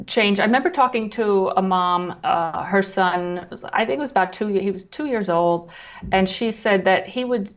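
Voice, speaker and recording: Calm, measured female guest explaining her work, with fillers and restarts. Audio a touch dull and lo-fi. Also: medium pitch. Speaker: guest who works with children on emotions. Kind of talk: explanatory interview talk.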